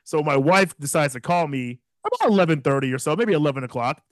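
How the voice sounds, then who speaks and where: A man in his thirties co-hosting a podcast, telling a story in a casual, profane and animated way, laughing often. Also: on the high side, fast talker, no echo. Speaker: podcast co-host.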